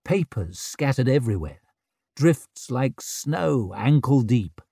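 A man narrating an audiobook in a measured, wry storytelling manner. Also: mid-range voice, animated, dark tone, breathy edge, no room sound, clean studio sound.

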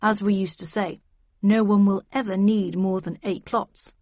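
A woman's voice: mid-range voice, fairly even intonation, measured pace, a little mellow, dry recording, highs cut off. Woman voicing an earnest lecturing official. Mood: explaining. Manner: earnest, explanatory. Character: male lecturing book-world official. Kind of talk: audiobook character reading.

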